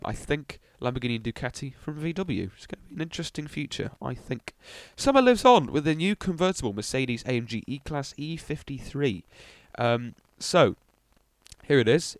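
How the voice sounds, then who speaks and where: A man's voice: mid-range voice, expressive, moderate pace, no echo. A young man hosting a casual car news podcast, rambling with ums and little asides. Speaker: podcast host.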